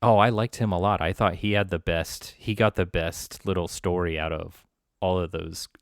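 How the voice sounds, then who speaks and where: A man's voice: low-pitched, fairly even intonation, normal speed, no room sound, studio quality. A man in a casual movie reaction chat, laid-back and upbeat with the odd swear. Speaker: podcast co-host.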